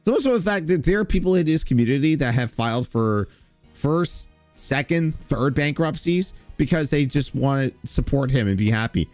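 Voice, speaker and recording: A man's voice: medium pitch, expressive, normal speed, a little mellow, no echo, faint music behind. A man hosting reaction commentary, talking in a sarcastic, mocking, profane way. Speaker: streamer commentary host. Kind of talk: reaction commentary on stream clips.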